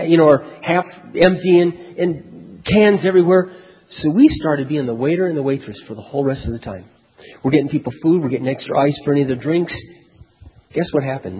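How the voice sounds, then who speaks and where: A man preaching, telling a personal story in a lively, conversational way that swings from loud to very quiet. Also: fairly high pitch, breathy edge. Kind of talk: sermon storytelling. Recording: dull echoey hall recording.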